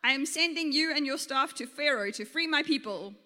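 A woman voicing God as a talking bush, loud and commanding, in a storytelling church talk. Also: high voice, expressive, brisk, in a large hall.

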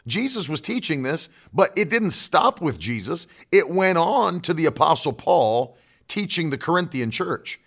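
A man's voice: fairly high pitch, very animated, unhurried, husky. A male pastor preaching a fiery sermon to an online audience, hammering home his points by repeating them. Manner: emphatic, repeats key phrases.

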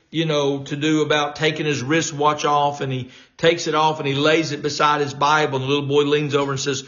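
Rambling sixty-year-old man, slightly high voice. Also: lo-fi sound. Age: 60s. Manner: rambling and animated, with many fillers and restarts. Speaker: talk radio host. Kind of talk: political commentary monologue.

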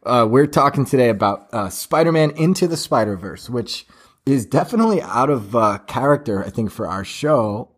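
A man's voice: mid-range voice, lively intonation, normal speed, breathy edge. A man co-hosting a casual podcast chat, easygoing and steering the talk. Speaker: podcast co-host.

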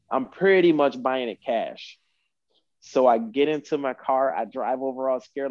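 A man tells a long personal story in an easygoing, rambling way, circling back over the same points. His voice sits at an average pitch, and the sound is dry and a little muffled, as if it came through a remote call. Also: normal speed, a little mellow, dry recording. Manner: rambling, repeats himself. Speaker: podcast guest. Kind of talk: casual storytelling.

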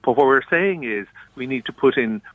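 An Irish man speaking as a union official in a radio interview, earnest and halting, often restarting his sentences. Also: medium pitch, expressive, no room sound, narrow, tinny audio.

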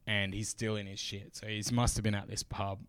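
Aussie comic, young, chatty, sweary storyteller, dry close sound. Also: male voice, lowish voice, flat delivery, fairly quick, a bit bright, clean tone, no room sound. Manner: swearing, laughing anecdotes, acts out voices. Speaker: comedian podcast host. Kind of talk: casual chat, storytelling.

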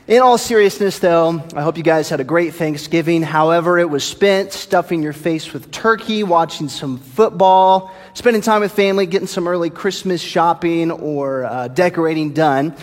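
A man's voice: fairly high pitch, normal speed, hardly any pauses, in a large hall. A pastor delivering a playful, tongue-in-cheek sermon to his congregation in a church. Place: church sanctuary.

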